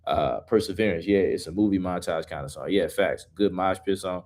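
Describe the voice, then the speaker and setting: A man's voice: low-pitched, a little fast, darkish tone. A man hosting a live stream in loose, profane casual chat, reading viewer questions and talking through his song.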